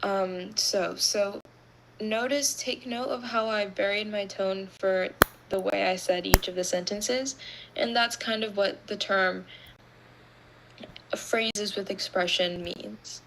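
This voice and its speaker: A woman's voice: medium pitch, slow, gravelly, heavy background noise. Woman teaching with easy fillers. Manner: relaxed, explanatory with fillers. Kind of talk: online class teaching.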